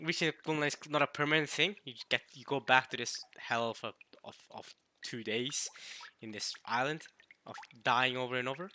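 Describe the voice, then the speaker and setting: A man with a very bright, forward voice comments casually as he plays through a visual novel. He thinks aloud, often sounds puzzled, and keeps breaking off and restarting his sentences. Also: mid-range voice, no room sound. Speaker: let's play host.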